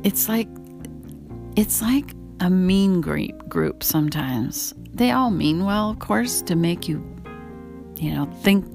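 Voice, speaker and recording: Low gravelly woman reading aloud at home. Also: a little mellow. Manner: unhurried reading, breaks off to talk to her pet. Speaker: reader and podcaster. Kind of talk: casual reading aloud of a memoir with asides. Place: home, indoors. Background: guitar music.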